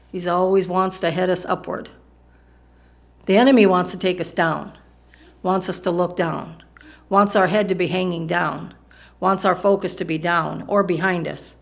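A woman with a somewhat low voice preaches a sermon. She talks in a casual, conversational way and keeps asking her congregation questions. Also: creaky.

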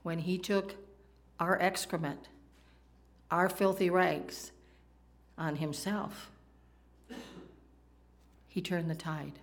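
A woman's voice: lowish voice, fairly even intonation, slow, pauses often. A woman preaching a sermon in a conversational way, often asking her listeners questions. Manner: conversational, asks the audience questions.

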